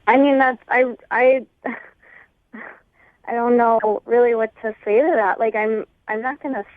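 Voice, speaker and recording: A woman's voice: on the high side, fairly even intonation, unhurried, dry recording. Hesitant woman on a tinny phone line. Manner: hesitant, lots of "like" fillers. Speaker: caller. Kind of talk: on-air phone call.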